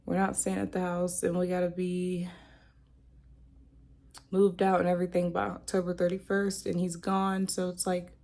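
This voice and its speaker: A young woman crying on and off as she talks to her camera. Her voice is mellow and dark, with a gravelly fry running through it, and she rambles and restarts as she talks. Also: lowish voice, completely flat delivery, normal speed. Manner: emotional, tearful, rambling. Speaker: vlogger. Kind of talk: personal vlog, talking to camera.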